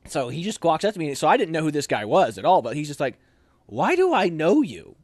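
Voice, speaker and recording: A man's voice: fairly high pitch, fast talker, no room sound, studio quality. A young adult man casually telling a story, acting out the voices of people he quotes. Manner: animated, acts out quoted voices.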